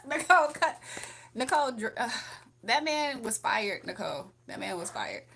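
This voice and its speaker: A woman's voice: fairly high pitch, sing-song, unhurried, creaky, a bit bright, a little hiss or hum. A young woman hosting a casual livestream from home, chatting, laughing often and reading comments aloud. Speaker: livestream host.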